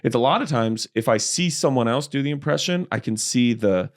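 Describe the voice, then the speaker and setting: A man, a comedian guest, in casual chat, telling animated stories and slipping into voices. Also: mid-range voice, brisk. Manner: animated storyteller, slips easily into voices.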